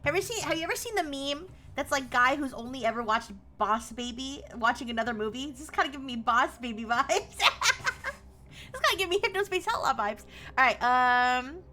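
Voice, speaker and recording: Bubbly high-voiced young woman streamer. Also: animated, fairly quick, bright, forceful tone, a little hiss or hum. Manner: bubbly, greets chat by name, laughs often. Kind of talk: casual live game stream chat.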